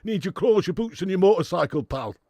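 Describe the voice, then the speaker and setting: Man doing a yorkshire robot hardman, deadpan, clipped orders, gravelly. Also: high-pitched, a little fast, dry recording, pitched above the performer's own voice. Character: hulking male action-movie cyborg with a Yorkshire twang. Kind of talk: comic impression in a match watch-along.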